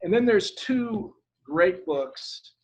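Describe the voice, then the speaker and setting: A man's voice: sits high, lively intonation, slow pace, husky, low-quality recording. An older man from Ireland, a retired government lawyer, talking as a guest over a video call in a rambling, hesitant way and spelling out names letter by letter.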